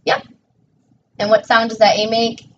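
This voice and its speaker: A woman's voice: on the high side, level tone, unhurried. A woman teacher tutoring a child one-on-one in a patient, encouraging way, praising each answer. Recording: distant dull mic with faint noise.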